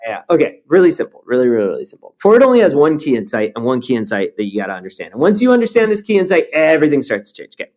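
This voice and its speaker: A man's voice: a little high, rapid-fire, hardly any pauses. A man, a startup founder, talking bluntly and with energy in an interview, swearing now and then. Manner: animated and blunt, swears, tells stories with energy. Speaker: startup founder and CEO, guest. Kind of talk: conversational interview.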